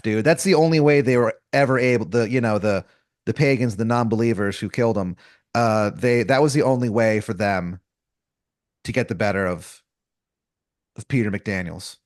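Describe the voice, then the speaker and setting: A man's voice: medium pitch, moderate pace, no echo, clean studio sound. A man running an improvised comedy story as game master, rambling and casual with lots of fillers, restarts and crude slang.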